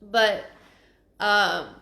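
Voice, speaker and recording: Earnest, halting woman in an echoey room. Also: mid-range voice, vocal fry, pushed and bright. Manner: halting, with frequent restarts; earnest and emotional. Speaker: psychic medium. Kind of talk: live-streamed spirit reading.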